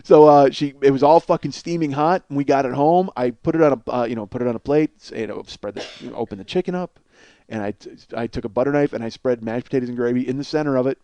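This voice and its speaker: A man's voice: medium pitch, quick pace, mellow, clean tone, dry recording, muffled recording. A man hosting a comedy podcast, telling a rambling, profane, self-mocking story and laughing at his own jokes. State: cold sore on face. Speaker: podcast host. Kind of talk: comic storytelling monologue.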